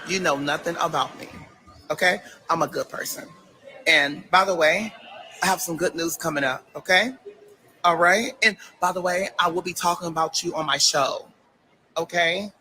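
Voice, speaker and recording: A man's voice: a little high, normal speed, sharp tone, slight background noise, poor audio. A man on a livestream, issuing warnings and tagging nearly every sentence with a pointed "okay?". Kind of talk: confrontational livestream rant.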